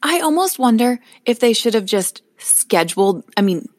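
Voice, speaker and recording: A woman's voice: a little high, sing-song, normal speed, no room sound, clean studio sound. A woman co-hosting a podcast for moms, asking questions in a conversational way and adding playful asides. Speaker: podcast co-host, mother. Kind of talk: casual chat.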